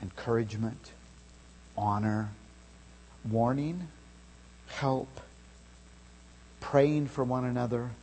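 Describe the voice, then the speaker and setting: A man preaching a sermon, telling a story with loud shouted calls at its peak. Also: mid-range voice, slow, pauses often, slight background noise. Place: church sanctuary. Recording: long reverb of a large hall.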